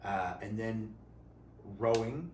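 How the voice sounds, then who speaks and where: A man from Canada tells stories in an animated, laughing way. His voice sits a little back from the mic in an echoey room. Faint background noise runs under it. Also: on the low side, far from the mic. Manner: animated storyteller, quick to laugh. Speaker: co-host and athlete. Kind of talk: casual chat.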